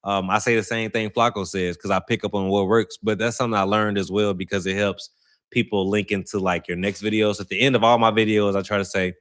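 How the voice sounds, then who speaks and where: Rambling St. guy, low voice. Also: level tone, fast talker, fairly bright tone. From St. Louis, Missouri. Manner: rambling, slangy, self-correcting. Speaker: channel host. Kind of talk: casual livestream chat.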